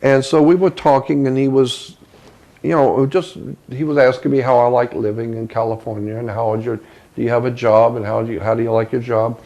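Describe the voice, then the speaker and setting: A man being interviewed, recounting a personal story in a halting way, often repeating words as he searches for them. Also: mid-range voice, little pitch movement, dark tone. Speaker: interview guest.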